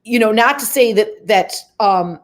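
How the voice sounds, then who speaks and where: A middle-aged actress with a fairly high female voice appears as an interview guest, chatting casually and laughing. While telling stories, she slips into quick impressions.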